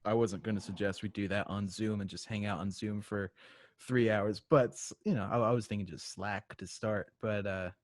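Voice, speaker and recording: A man's voice: on the low side, fairly even intonation, normal speed, no echo. Teasing male podcast co-host, dry sound. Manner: teasing, laughs easily. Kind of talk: casual podcast chat.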